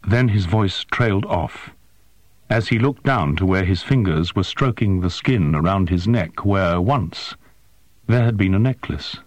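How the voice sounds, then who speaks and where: A man narrating a science-fiction story in a measured, expressive way. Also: low voice, no room sound. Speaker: audiobook narrator. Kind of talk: scripted narration.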